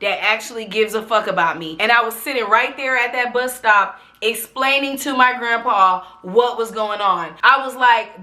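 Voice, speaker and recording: A young woman from Los Angeles tells a story to her viewers with a high, bright voice. She talks bluntly, swears freely and tells it dramatically. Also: normal speed, hardly any pauses. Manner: animated, blunt and profane, dramatic retelling. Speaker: vlogger. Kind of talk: storytime vlog.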